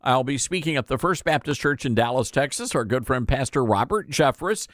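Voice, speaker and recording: A man hosting a talk radio show, joking and chatting in an animated way. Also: medium pitch, brisk, no echo, clean studio sound.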